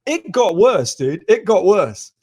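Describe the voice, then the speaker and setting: A British man spins an anecdote in a casual chat, his voice sitting a little high for a man. He is animated and self-deprecating, and he slips into the voices of the people in his story. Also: slow, husky. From Britain. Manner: animated, self-deprecating storyteller who acts out quoted lines. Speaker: co-host.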